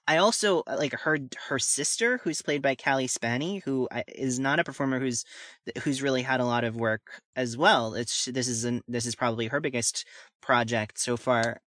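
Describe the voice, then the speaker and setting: A man's voice: mid-range voice, normal speed, a bit bright, dry recording, studio quality. A man co-hosting a podcast, chatting about movies in a rambling, enthusiastic way with lots of fillers. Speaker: podcast co-host. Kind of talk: casual film discussion.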